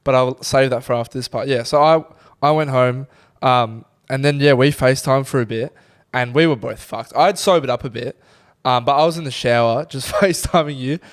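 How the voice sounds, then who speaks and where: A man's voice: medium pitch, fairly quick. A young Australian man co-hosting a podcast, recounting events with laid-back, sweary banter in casual chat. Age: young adult. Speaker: podcast co-host.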